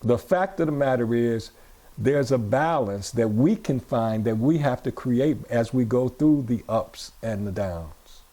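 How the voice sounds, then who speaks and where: A man's voice: medium pitch, expressive, a little slow, mellow. A male pastor giving a sermon, repeating phrases and asking his congregation questions. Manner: repetitive, call-and-response preaching. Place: church.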